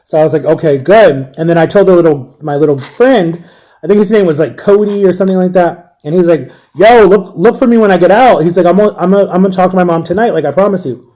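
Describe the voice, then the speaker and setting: Young man telling a painful story, halting. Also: high-pitched, dark tone. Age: young adult. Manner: halting, repeats himself, acts out quoted voices. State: emotional, near tears. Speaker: survivor telling his story. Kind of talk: personal storytelling.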